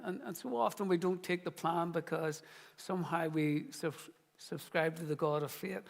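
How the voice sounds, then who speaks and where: Higher-voiced man preaching a sermon. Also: long reverb tail. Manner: conversational, earnest preaching with storytelling. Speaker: founding pastor.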